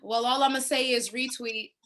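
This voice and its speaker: A woman's voice: a little high, moderate pace. A woman in her thirties telling stories with playful, laughing energy on a video call panel. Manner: animated, laughing, playful storytelling. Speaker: panel speaker. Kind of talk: casual online panel talk.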